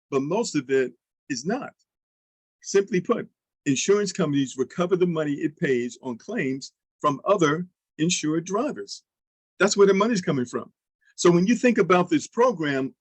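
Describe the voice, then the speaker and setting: A man leading an online sales training, coaching listeners with energetic questions and example pitches. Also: no echo, low-quality recording.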